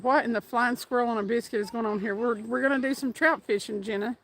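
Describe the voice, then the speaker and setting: A woman's voice: a little high, fairly even intonation, fast talker, fairly bright tone, a little hiss or hum. A woman hosting a fishing livestream outdoors by a stream, chatting casually, laughing often and reading out viewer names. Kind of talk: casual live-stream chat. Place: outdoors by a fast trout stream.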